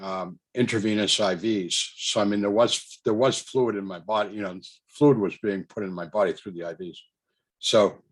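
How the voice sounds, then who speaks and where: Guy with a lowish voice just telling a story, lots of ums and restarts, little laughs. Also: husky. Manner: rambling, with many fillers and restarts; chuckles between thoughts. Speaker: storyteller recounting a personal experience. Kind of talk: casual spoken storytelling.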